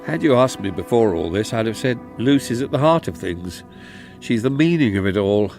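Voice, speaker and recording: An actor playing an older retired politician whose wife has vanished, speaking slowly and reflectively with a wry edge. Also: male voice, fairly low pitch, expressive, a little mellow, faint music behind. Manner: reflective, wry, slow delivery. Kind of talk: radio drama acting.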